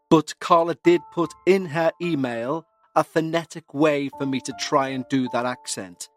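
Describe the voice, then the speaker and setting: A man hosting a paranormal podcast, speaking in an earnest, measured way. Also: a little high, fairly bright tone. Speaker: podcast host. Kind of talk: scripted paranormal podcast narration.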